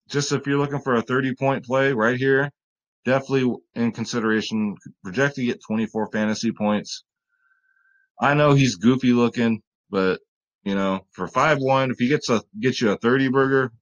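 A man's voice: mid-range voice, normal speed. A man with a mid-range voice talks through his fantasy basketball picks in a loose, rambling way. He cracks jokes and keeps calling his viewers guys. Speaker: fantasy sports vlogger. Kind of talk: casual sports betting picks talk.

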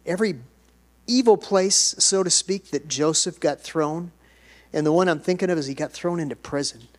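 A pastor delivers a sermon in a fairly high male voice. He talks to the congregation conversationally, then rises into emphatic, animated stretches. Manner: animated preaching, bursts of emphasis; conversational asides.

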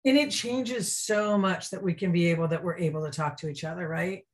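A woman's voice: fairly low pitch, a little fast. Earnest, enthusiastic female guest. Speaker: guest, restaurant consultant. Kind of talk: casual interview chat.

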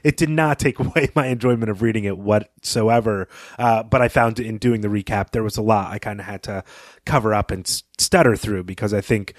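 A man's voice: lowish voice, a little fast, dry recording, clean studio sound. A man co-hosting a book podcast, recapping and discussing a story in a conversational way. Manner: conversational, with fillers and occasional laughs.

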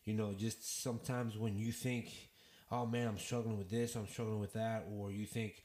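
A man's voice: fairly low pitch, flat delivery, normal speed, a little mellow. A man, a father, telling a story as a guest in a casual round-table talk, earnest and full of "you know". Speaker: podcast guest. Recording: roomy echo.

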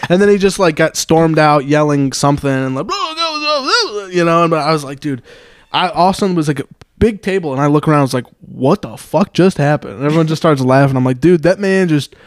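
A man's voice: on the high side, fast, clear, resonant tone, no echo, studio quality. A young man co-hosting a podcast, telling a story in casual chat, swearing and laughing often. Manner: animated storyteller, swears, laughs often, puts on voices for quotes. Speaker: podcast co-host.

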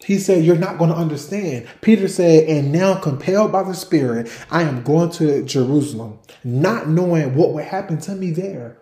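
A man's voice: a little high, moderate pace, few pauses, warm tone, echoey room. A man hosting a faith podcast, preaching in an emphatic, repetitive way and restarting phrases as he builds his points. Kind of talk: sermon-style podcast talk.

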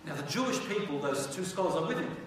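A male religious teacher tells history in a loose, conversational way and keeps turning to his audience with questions. His voice sits somewhat high for a man. It is picked up from far off in a big hall with a long echo and faint background hiss. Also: expressive, fast. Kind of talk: storytelling lecture.

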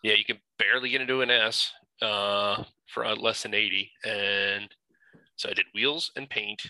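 A man chatting casually about cars as co-host, laid-back and quick to laugh. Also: fairly low pitch, fairly even intonation, bright, forceful tone, no echo, rough recording. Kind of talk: casual car chat.

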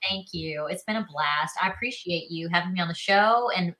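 A woman with a Southern accent talks through an interview in a relaxed, rambling way, leaning on "you know" and "like." Her voice is bright and forward, sitting a little low. She sounds like a guest in her thirties from South Carolina. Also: fairly quick, rough recording. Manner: chatty, frequent fillers like "you know" and "like". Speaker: actress guest. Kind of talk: casual interview chat.

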